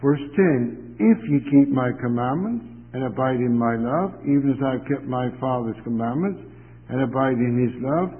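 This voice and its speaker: Guy preaching, emphatic, slows way down on the bible verses, tinny lo-fi sound. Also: mid-range voice, expressive. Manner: emphatic, rising sharply on commands, slows to read scripture. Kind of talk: sermon. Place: chapel. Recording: tinny phone-like sound in a reverberant hall.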